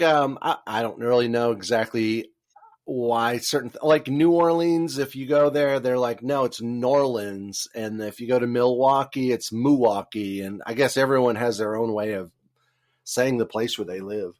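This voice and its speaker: A man's voice: mid-range voice, normal speed. Easygoing man rambling with fillers. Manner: rambling with many fillers and restarts. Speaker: guest author. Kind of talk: casual interview conversation.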